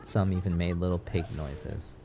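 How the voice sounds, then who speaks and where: A man reading a scripted story as narrator, in a steady, measured way. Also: low voice, a crowd in the background. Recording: audible background noise.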